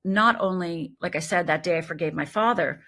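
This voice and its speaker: A woman in her sixties, a life coach, telling her story as an interview guest in an animated way, often asking "right?". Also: on the low side, fairly quick. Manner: animated, tags thoughts with "right?".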